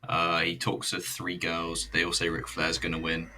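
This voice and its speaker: A man's voice: low voice, completely flat delivery, moderate pace, few pauses, pushed and bright. A man reviewing a wrestling show in casual, rambling commentary, blunt and sweary. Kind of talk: casual commentary over footage.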